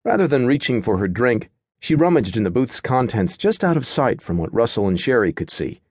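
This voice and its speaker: Here a medium-pitched man narrates an audiobook script in a calm, even storytelling manner, recorded with clean studio sound and no room sound.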